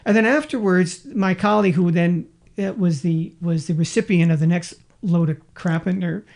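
A man co-hosting a podcast, telling work stories in a chatty, animated way. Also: sits high, normal speed, creaky. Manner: chatty storyteller, acts out quotes with laughs. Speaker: podcast co-host. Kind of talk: casual chat.

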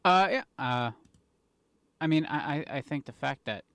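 A man's voice: a little high, lively intonation, moderate pace, fairly bright tone, no room sound. A man co-hosting a casual podcast, laid-back and wry, stumbling over his words. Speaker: podcast co-host. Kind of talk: casual chat.

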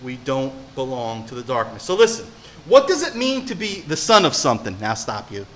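A male pastor giving an animated sermon, swinging between hushed and loud delivery and often putting questions to his listeners. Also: mid-range voice, brisk.

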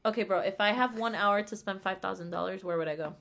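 Bright, playful young woman co-host. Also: fast talker, vocal fry. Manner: playful, animated, puts on squeaky old-lady voices. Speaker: podcast co-host. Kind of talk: casual chat.

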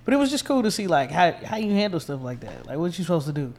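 A man co-hosting a casual chat, narrating a travel mishap in a relaxed way. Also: fairly high pitch, fast talker. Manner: relaxed storyteller, quotes people as he goes. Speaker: podcast co-host.

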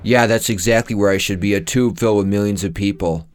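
A young man co-hosting a casual movie-review podcast, jokey and laughing often, quick to apologize. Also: fairly low pitch. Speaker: podcast co-host.

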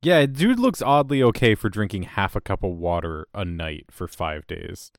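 Low-voiced man recapping casually. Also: lively intonation, normal speed, vocal fry, no echo, studio quality. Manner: chatty, joking, acts out quotes. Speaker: podcast co-host. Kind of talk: casual episode recap chat.

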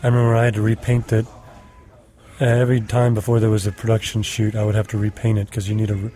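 A man's voice: lowish voice, little pitch movement, fast, mellow. A man interviewed as an actor on an indoor green-screen stage, answering hesitantly with many filler sounds. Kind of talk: casual behind-the-scenes chat.

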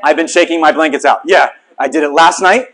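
A middle-aged man preaching a sermon, telling a story with lively, self-mocking humor to a small congregation. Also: a little high, a little fast. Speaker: pastor.

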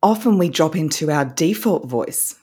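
An Australian woman, a voice coach, explaining techniques as a podcast guest in an animated way, laughing often. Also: sits low, normal speed, breathy edge.

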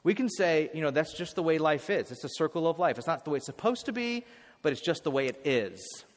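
A man preaching a sermon in a church hall, his voice on the higher side and trailing off into a long reverb. He talks in an animated way, breaking into sudden loud bursts and often restarting his words. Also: fairly quick. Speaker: pastor.

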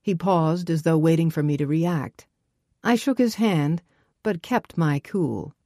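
A woman reading a first-person novel aloud as an audiobook narrator, wry and brisk. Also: sits low, warm tone, dry recording, studio quality.

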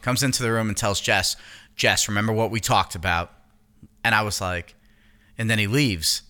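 A man's voice: lowish voice, moderate pace. A man co-hosting a casual podcast, telling a profane story and acting out other people's lines. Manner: profane, animated, acts out quotes. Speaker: podcast co-host.

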